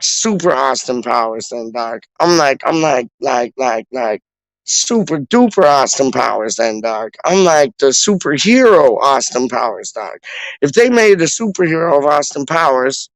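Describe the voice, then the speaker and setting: A man's voice: mid-range voice, vocal fry, no echo, poor audio. A man from Canada hosting a casual livestream, reading chat aloud and riffing in repetitive street slang. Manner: slangy, repetitive riffing, calls people dog. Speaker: fan channel host reading live chat.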